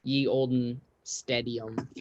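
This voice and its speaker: A man narrating a tabletop game as game master, telling the scene in a relaxed way with frequent laughs. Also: medium pitch, takes it slowly, no room sound, highs cut off. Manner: relaxed storytelling, laughs often.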